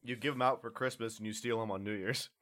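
A man's voice: fairly low pitch, steady tone, fast talker, a bit bright. A man, a podcast co-host, teasing his friend with jokey banter in casual chat.

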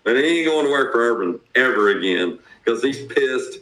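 A man with a strong Southern accent, co-hosting a casual sports podcast in a blunt, salty, animated way. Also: mid-range voice, moderate pace, echoey room, low-quality recording. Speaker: podcast co-host.

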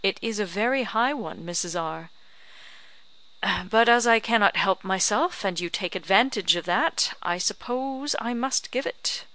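A woman reader voicing an honest, measured gentleman settler in a storybook. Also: medium pitch, animated, poor audio. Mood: steady.

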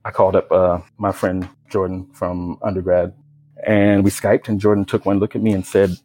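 A young man from the United States recounting a personal experience in a low-key, reflective way, with many casual fillers. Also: flat delivery, normal speed, a little mellow, faint music behind, low-quality recording. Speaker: storyteller. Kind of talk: personal testimony.

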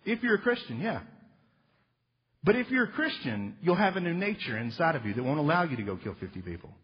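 Animated, husky-voiced man preaching. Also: on the high side, fairly quick. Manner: animated, joking, emphatic, acts out little voices. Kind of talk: sermon. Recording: reverberant hall, dull lo-fi sound.

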